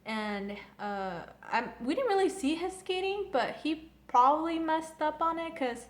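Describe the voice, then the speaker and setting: A woman's voice: high voice, lively intonation, measured pace. Gushing young woman, echoey room. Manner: gushing, rambling fan enthusiasm. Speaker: anime reviewer. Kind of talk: casual episode recap and review.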